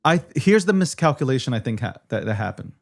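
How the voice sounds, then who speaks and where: A man co-hosting a political talk show, animated, swearing and filling his talk with "you know" and "like". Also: mid-range voice, quick pace, creaky.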